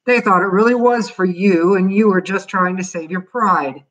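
A woman voicing a proud, stern father who grumbles at his family in a storybook reading, with a husky voice. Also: medium pitch, normal speed, a bit bright, distant mic, pitched above the performer's own voice, natural voice, rough recording. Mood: grumbling.

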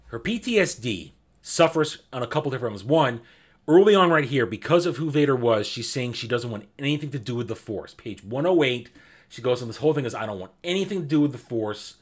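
A man's voice: mid-range voice, a little fast, slightly rough. A man hosting an informal book club, talking enthusiastically and animatedly, repeating himself as he builds his points. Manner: enthusiastic, animated, with frequent restarts. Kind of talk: casual book discussion.

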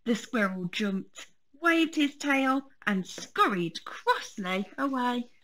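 A woman teacher reading a children's storybook aloud, gentle and expressive. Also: fairly high pitch, slow, a little hiss or hum.

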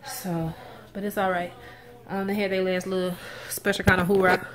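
A woman's voice: medium pitch, flat delivery, moderate pace. A woman, chatting casually and rambling straight to her viewers in a vlog, filmed on a phone. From Texas, USA. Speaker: vlogger. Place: in a car and at home. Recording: loud background noise from a car.

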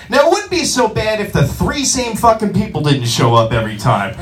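Brash, high-pitched stand-up comic in a club. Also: male voice, normal speed, few pauses. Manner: brash, profane, animated. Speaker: stand-up comedian. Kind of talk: stand-up comedy set. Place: comedy club. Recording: roomy club sound from a distance, audience.

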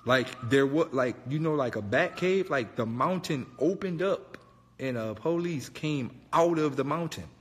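A man casually telling a story, animated, slangy and profane. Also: on the high side, unhurried, in a large hall, a little hiss or hum. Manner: animated, profane, slangy, keeps saying "bro".

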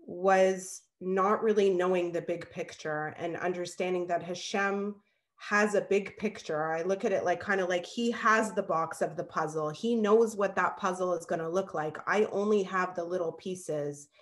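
A woman with a lowish voice speaks earnestly during a class, reflecting on a recent personal challenge. Her tone is thoughtful and sincere. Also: fairly even intonation, moderate pace. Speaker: class participant. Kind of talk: casual sharing.

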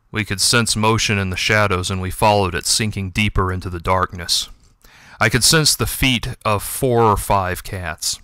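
A man narrating his own story in a gentle, reflective, first-person audiobook reading. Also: lowish voice, moderate pace, smooth, no room sound, clean studio sound.

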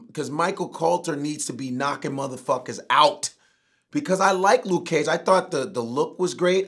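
A middle-aged man and comedian talking casually as a guest, animated and profane. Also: medium pitch. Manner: animated, profane, prone to outbursts. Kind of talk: casual interview chat.

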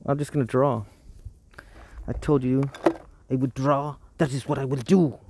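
A man's voice: medium pitch, steady tone, moderate pace, background noise. A man hosting a casual live painting stream outdoors by the roadside, rambling and talking to himself with frequent chuckles.

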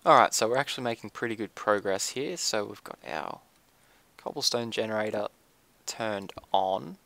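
Gravelly-voiced man narrating a build. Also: lowish voice, normal speed, no echo. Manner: relaxed, thinking aloud with frequent ums. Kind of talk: casual gameplay commentary.

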